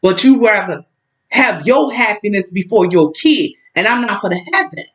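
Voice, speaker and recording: A woman's voice: mid-range voice, lively intonation, moderate pace, rough recording. A woman telling a personal story in a casual vlog, outspoken and emphatic, talking straight at an absent ex-partner.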